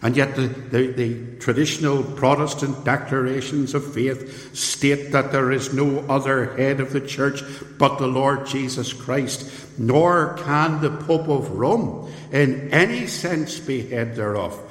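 Man, preacher, sermon, earnest, emphatic, reverberant hall. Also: slow. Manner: earnest, emphatic, rising pitch on key points. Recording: echoey hall with long reverb.

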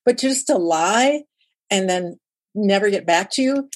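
A woman's voice: mid-range voice, a little slow. A woman who writes and gives talks, a guest in an interview, telling stories and acting out the dialogue in them. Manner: lively storyteller who acts out quoted dialogue. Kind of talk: conversational interview storytelling.

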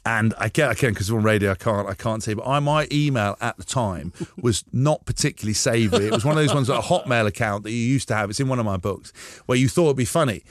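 A man in his thirties, a former rugby player from England, telling animated, jokey stories as a radio guest. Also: medium pitch, fast, dry recording, clean studio sound. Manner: animated, jokey, acts out quoted voices. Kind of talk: casual storytelling on radio.

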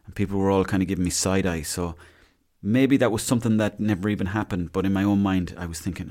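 A man in his thirties with an Irish accent and a fairly low voice, talking on his own in a loose, rambling podcast chat. He pokes fun at himself and drifts from one thing to the next. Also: fast, a little mellow. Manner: rambling, self-mocking and chatty. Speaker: podcast host. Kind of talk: casual solo podcast chat.

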